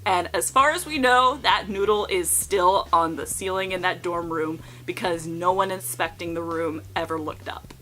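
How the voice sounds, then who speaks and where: A young woman in her twenties telling casual stories to camera, animated and profane, acting out the people she quotes. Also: on the low side, normal speed, hardly any pauses. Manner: animated, profane, acts out quotes in shifting voices. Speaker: vlogger. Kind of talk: casual storytelling.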